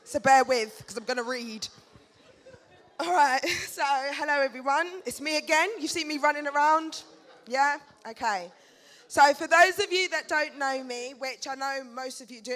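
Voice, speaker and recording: A woman's voice: on the high side, a bit bright. A woman in her thirties, the maid of honor, reading her wedding speech from notes with playful, self-mocking asides to the guests. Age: 30s. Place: wedding reception hall.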